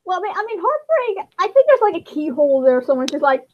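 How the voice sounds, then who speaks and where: A woman's voice: extremely high pitch, sing-song, fast talker, dull audio. A woman chatting casually on a livestream, giggly and laughing often between remarks. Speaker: livestream co-host.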